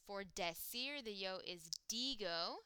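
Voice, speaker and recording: A woman teaching a recorded language lesson, explaining step by step with frequent fillers and slowing down to sound out words. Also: medium pitch, animated, bright, forceful tone, clean tone, no echo. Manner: slows down to sound out words and sings a mnemonic. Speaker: Spanish teacher. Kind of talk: recorded classroom lecture.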